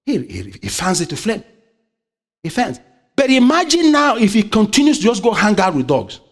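Man preaching with a high voice, lots of call and response, goes loud then drops low. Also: wildly swooping pitch, moderate pace. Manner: call-and-response, asks the congregation "what?"; swings between loud high exhortation and low quiet asides. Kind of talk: sermon.

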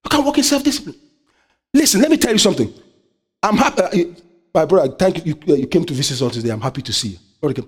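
A man's voice: lively intonation, fast, breathy edge. A man preaching a sermon, often asking the congregation to finish his sentences. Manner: call-and-response, asks the congregation "what?"; swings between loud high exhortation and low quiet asides.

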